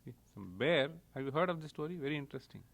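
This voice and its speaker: A man's voice: on the high side, lively intonation, vocal fry, fairly bright tone. Middle-aged guy lecturing, easygoing, chuckles through the stories. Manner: unhurried, retells stories with chuckles, explains Sanskrit terms. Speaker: professor giving a lecture. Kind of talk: explanatory lecture with storytelling.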